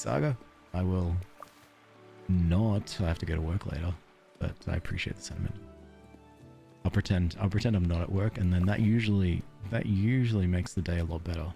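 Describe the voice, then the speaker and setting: Low gravelly Australian streamer, joking. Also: male voice, dark tone. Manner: joking, self-deprecating, laughs often. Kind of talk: casual chat with stream viewers.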